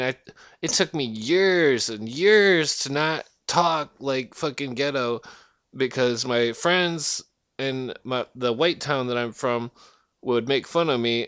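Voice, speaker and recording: A man's voice: mid-range voice, a bit bright, clean tone, dry recording, studio quality. A man rambling through a profane rant at home, swearing constantly, trailing off and restarting his sentences. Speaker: vlogger ranting to camera.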